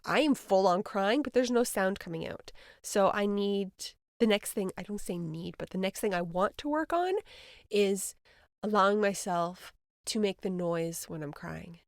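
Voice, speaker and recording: A woman in the middle of her range talks through a casual spiritual podcast monologue, rambling and earnest. Her sentences often sink into quiet murmurs. The recording is dry and close, with no room sound. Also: medium pitch, moderate pace, no room sound. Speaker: podcast host, energy healer.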